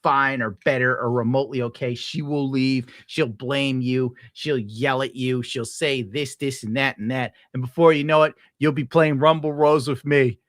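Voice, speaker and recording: Bright, profane livestreaming man. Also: mid-range voice, fairly even intonation, normal speed, hardly any pauses, dry recording, clean studio sound. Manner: profane, rambling, laughs often. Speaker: livestreamer reading chat messages. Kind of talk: casual livestream rant.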